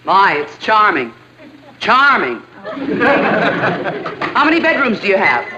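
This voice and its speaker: An actress playing a haughty, fussy society matron looking over a house in a sitcom, with an affected manner. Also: female voice, mid-range voice, very animated, takes it slowly, bright, forceful tone, some chatter behind, slight background noise, exaggerated voice, poor audio. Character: snooty fussy society matron, middle-aged. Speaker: prospective house renter. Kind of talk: sitcom acting.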